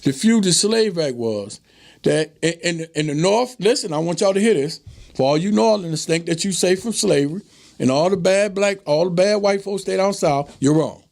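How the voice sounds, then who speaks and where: A middle-aged man hosting an informal history lesson, preachy and animated, often repeating himself for emphasis. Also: sits high, normal speed, vocal fry. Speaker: host.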